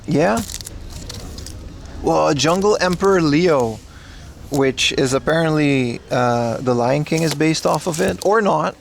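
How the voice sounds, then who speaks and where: Gravelly joking man livestreaming in a shop. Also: on the high side, slow, a little hiss or hum. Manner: rambling, joking, talks to chat while browsing. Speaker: streamer. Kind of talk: casual IRL livestream commentary. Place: indoors in a secondhand electronics shop.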